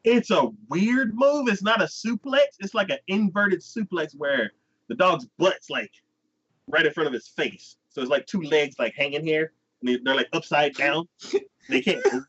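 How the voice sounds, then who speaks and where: A man hosting an anime podcast, recapping episodes in casual chat with animated storytelling. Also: a little high, normal speed, slightly rough. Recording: dull lo-fi sound.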